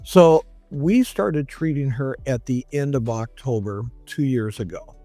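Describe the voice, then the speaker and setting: Man, practitioner, casual storytelling monologue, middle pitch, dry room, faint music bed. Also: measured pace, dark tone, dry recording. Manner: conversational, quotes others in raised voices. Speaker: chiropractor.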